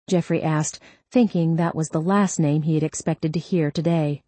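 A woman narrating a crime novel audiobook in a steady, measured way. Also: low-pitched, dry recording.

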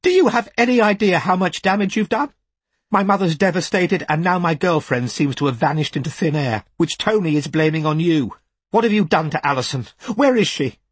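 A man voicing a thin, agitated male client who shouts in a high, cracking voice. His outbursts are furious and accusing, with a slightly husky edge. The sound is dry and close. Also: animated, a little fast, no room sound. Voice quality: voice cracks into falsetto when shouting.

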